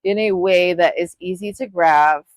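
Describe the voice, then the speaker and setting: A young woman speaks at a moderate pace in a somewhat low voice, recorded without echo. Hosting a nail art live stream from home, she chats loosely as she demonstrates, drifting off topic and frequently halting to say sorry.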